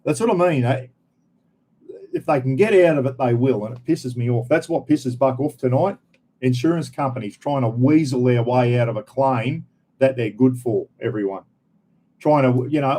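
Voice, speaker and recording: An Australian man hosts a casual live-stream rant, speaking straight to his viewers. His voice is mellow and a little dark, at an ordinary pitch for a man. He is blunt and swears freely as he talks. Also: normal speed. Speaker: livestream host.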